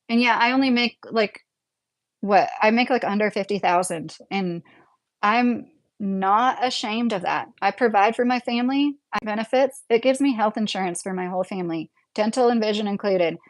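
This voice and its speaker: Chatty woman with a Midwestern accent. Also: a little high. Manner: chatty and rambling, laughs often. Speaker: livestream host reading chat. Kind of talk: casual livestream chat.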